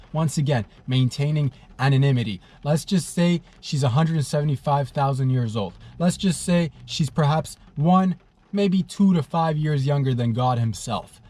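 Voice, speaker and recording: A man's voice: on the high side, a little mellow. A young man hosting a comedy podcast alone, with crude humor and a rambling style that keeps losing its train of thought. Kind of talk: rambling solo comedy monologue.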